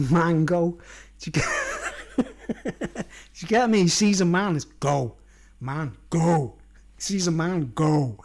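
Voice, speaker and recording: A man's voice: high-pitched, normal speed, long pauses. A man rambling through a casual vlog monologue in a slightly raised voice. He chuckles at his own jokes and keeps checking in with "you know what I mean", so the talk runs on loosely. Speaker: vlogger.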